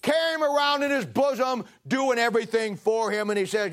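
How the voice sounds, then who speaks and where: A man preaches with a notably high voice. He leans into the text, acting out a biblical figure's complaints in a raised, pleading tone before dropping back to plain teaching. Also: brisk, few pauses, fairly bright tone. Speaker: pastor. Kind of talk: sermon.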